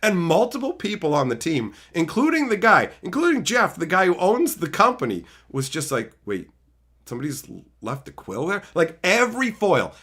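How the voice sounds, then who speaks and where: A man tells a story in a loose, casual vlog style, swearing freely and exclaiming often. His pitch swings widely, rising high when he gets worked up and dropping low for asides. He sounds like he is talking from his own room among his card boxes. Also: moderate pace, breathy edge. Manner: animated, profane, exclaiming. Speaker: card game streamer.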